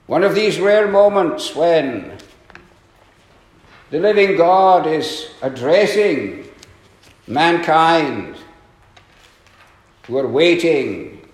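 Man preaching, slow and deliberate, echoey church hall, earnest, clears his throat often. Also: animated. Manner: earnest preaching, rising to emphatic questions and dropping low; frequent throat clearing and filler pauses. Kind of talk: sermon.

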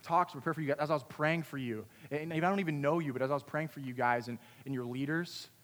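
A young man telling a self-mocking story to a youth group, his voice sitting a bit high. He talks with lively swings between loud and hushed. A long reverb from a large hall trails behind him. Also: fast. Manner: animated, self-deprecating storyteller. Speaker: youth camp speaker.

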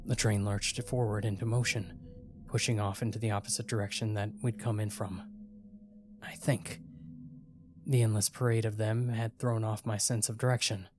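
Deep-ish guy reading a creepy story, tense and dramatic, spooky music behind him. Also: steady tone, moderate pace, a little mellow. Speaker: horror story narrator. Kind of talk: scripted horror narration.

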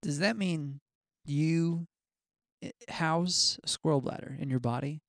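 A man's voice: a little high, a little slow, a bit bright, dry recording, clean studio sound. A man from the United States, co-hosting a casual chat, curious and full of follow-up questions.

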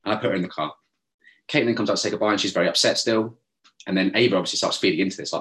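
A young man rattles through a story at speed, his voice sitting very low. He talks animatedly and swears freely, slipping into other people's voices when he quotes them, in a casual podcast chat. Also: rapid-fire, a bit bright. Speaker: podcast co-host.

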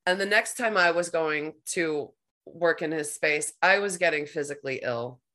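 A woman hosting a podcast, telling a personal story in a rambling, animated way, full of "like". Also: low-pitched, moderate pace. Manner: rambling, heavy use of "like", animated retelling. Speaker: podcast host. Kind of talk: conversational storytelling.

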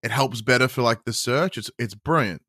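Australian man, mid-pitched voice, chatty rambling guest, dry close mic. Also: brisk, breathy edge, dry recording. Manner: rambling, animated, lots of "like". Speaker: podcast guest. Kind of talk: casual podcast chat.

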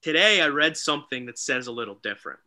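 A man co-hosting a casual wrestling talk show, excitable and animated, often mimicking people. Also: a little high, fast talker. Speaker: podcast co-host.

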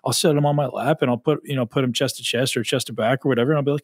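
A man's voice: mid-range voice, steady tone, quick pace, dry recording. A man talking as a podcast guest, intense and emphatic, swearing freely. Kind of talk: podcast conversation.

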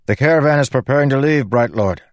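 Brief: lithe male servant, polite and halting, higher voice, voiced by a male narrator. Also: expressive, no room sound, close to an everyday voice. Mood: hesitant. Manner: hesitant, polite.

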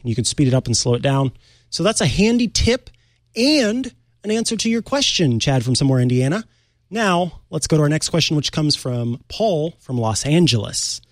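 A man hosting a tech show, chatty and playful, demonstrating things live with quick asides. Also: mid-range voice, dry recording, studio quality. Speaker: host. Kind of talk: casual tech show chat.

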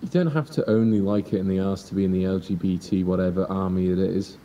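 A man's voice: low-pitched, fairly even intonation, fast talker, far from the mic, dull audio, background noise. A young man co-hosting a podcast, making dry, mocking remarks in casual chat. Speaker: podcast co-host.

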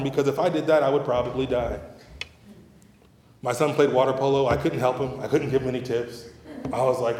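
A slightly mellow, medium-pitched middle-aged man preaches as pastor in a church sanctuary, mixing conversation, humor and emphasis. The recording carries a roomy hall reverb.

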